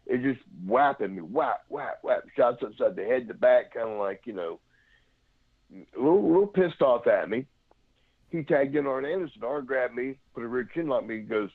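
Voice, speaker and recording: A man's voice: medium pitch, a little fast, no echo. A man, a former pro wrestler, telling rambling stories in a casual interview and imitating the people in them, heard over a phone line. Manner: rambling anecdotes, imitates others.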